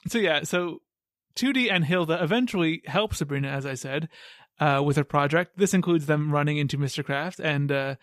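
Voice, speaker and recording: A man's voice: fairly high pitch, normal speed, no echo, clean studio sound. A man hosting a podcast, joking and laughing as he recaps an episode. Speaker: podcast host. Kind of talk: casual podcast chat.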